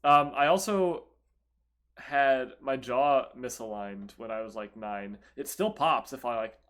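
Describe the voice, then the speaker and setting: A young man co-hosting a casual podcast, telling a story in an animated, profane way. His voice swings between loud outbursts and low mumbles. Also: unhurried. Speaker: podcast co-host.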